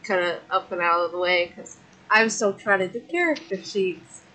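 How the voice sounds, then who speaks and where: A woman's voice: on the low side, moderate pace, bright, forceful tone, poor audio. A woman streamer chatting casually during an online tabletop game, laughing often. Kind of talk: casual chat.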